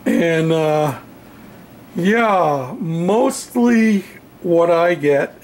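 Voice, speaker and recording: A man in his home hobby workshop, casually showing his model railroad backdrop in an unhurried, halting way with lots of fillers. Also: a little high, animated, darkish tone, slight background noise. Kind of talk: casual show-and-tell.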